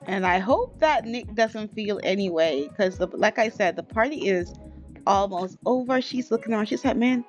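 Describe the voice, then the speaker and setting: A woman's voice: mid-range voice, animated, moderate pace. A woman giving casual, chatty gameplay commentary as a YouTuber, often laughing and calling the viewers y'all. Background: faint background music.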